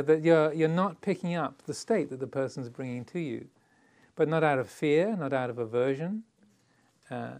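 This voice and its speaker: A man's voice: on the high side, a little mellow. A middle-aged man, giving a conversational Dharma talk as a meditation teacher. He talks playfully, laughs often and acts out little quoted voices.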